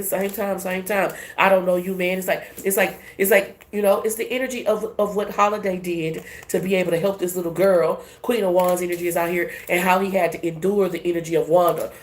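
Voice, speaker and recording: A woman giving a casual tarot reading in a brash, profane, animated way. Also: lowish voice, reverberant. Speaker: tarot reader.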